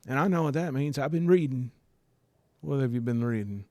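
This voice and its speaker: A man's voice: mid-range voice, a little fast, warm tone, no echo, lightly acted. A man voicing a nosy, overfamiliar young man who stammers and rambles. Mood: pushy.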